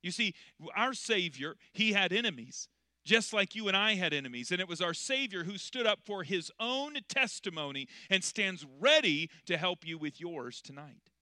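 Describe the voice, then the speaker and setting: Middle-aged pastor guy preaching, really bright tone, dry close sound, gets loud then quiet and chatty. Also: high-pitched, expressive, normal speed, no echo. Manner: swings between loud preaching and quiet explaining. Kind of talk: sermon. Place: church.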